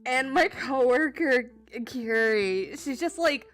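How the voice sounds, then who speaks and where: A young woman streaming live, chatting casually with her viewers and reading their messages, rambling with fillers and quick laughs. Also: high voice, animated, fairly bright tone, soft background music. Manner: rambling, lots of fillers and restarts, laughs easily.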